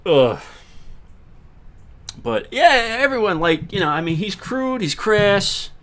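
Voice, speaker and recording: A man's voice: high-pitched, expressive, takes it slowly, fairly bright tone. A middle-aged man from New York with a New York accent, rambling casually on a livestream and talking to chat viewers by name. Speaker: livestream host.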